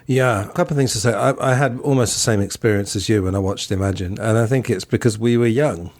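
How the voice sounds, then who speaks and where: A man's voice: on the low side, quick pace, darkish tone. A man hosting a podcast, chatting in a reflective way and giving frank opinions. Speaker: podcast host. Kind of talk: casual podcast discussion.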